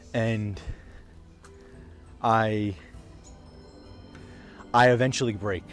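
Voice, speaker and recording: A young man telling a raw, emotional story to camera as a vlogger, swearing freely, dropping to a hush and then rising loud. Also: fairly low pitch.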